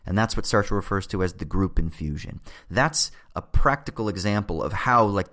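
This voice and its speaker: A man's voice: on the low side, fairly bright tone. Casual, profane man explaining philosophy. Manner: casual and profane, keeps checking in with "right?".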